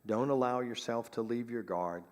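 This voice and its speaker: A man's voice: medium pitch, normal speed, darkish tone, in a large hall, natural voice. A man reading aloud the earnest farewell words of a condemned man to his children, in a church sanctuary. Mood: pleading.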